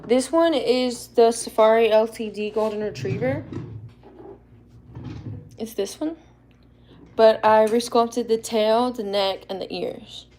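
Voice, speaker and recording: A woman hosting a casual live Q&A, rambling and chatty and quick to laugh. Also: fairly high pitch, steady tone, darkish tone, a little hiss or hum. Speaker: livestream host.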